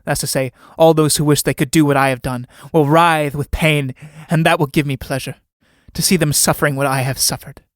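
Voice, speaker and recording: A man's voice: on the high side, steady tone, fairly quick, no echo, close to an everyday voice. Male reader as boastful ambitious playwright, dry voice. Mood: grandiose. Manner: grandiose, boastful.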